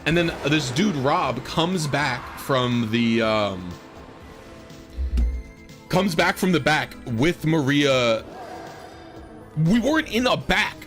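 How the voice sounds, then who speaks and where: A man's voice: a little high, lively intonation, slow, pauses often, a bit bright, faint music behind. A man streaming a game, rambling casually through a story with lots of fillers and exasperated asides. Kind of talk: casual storytelling while gaming.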